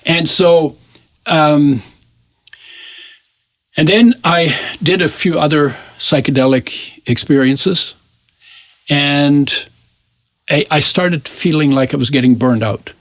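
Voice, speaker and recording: A man's voice: fairly high pitch, slow, pauses often, no echo. A man in his eighties, a guest in an interview, telling his life story in a reflective, searching way that often trails off mid-sentence. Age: 80s.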